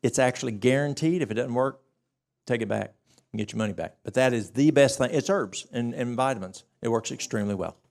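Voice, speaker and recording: Gravelly-voiced man, health workshop presenter at a church, animated storyteller who acts out the dialogue. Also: medium pitch, brisk.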